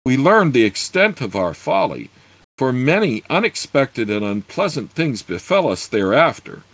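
A man's voice: medium pitch, big pitch swings, moderate pace, fairly bright tone, no room sound, voice pushed up. A man voicing an eager young male thief adventurer in archaic phrasing. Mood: reflective. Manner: eager, exclamatory archaic speech.

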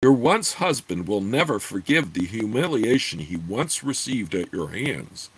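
A man's voice: lowish voice, big pitch swings, a little slow, husky, exaggerated voice. A man voicing a proud, suspicious demoness queen who speaks in a stately, formal way. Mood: regal.

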